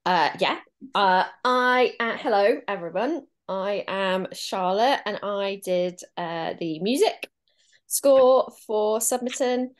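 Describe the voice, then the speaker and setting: A woman's voice: medium pitch, animated, takes it slowly. A woman, the film's composer, talking hesitantly and with self-deprecating humor on a video call. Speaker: film composer. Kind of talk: casual video call chat.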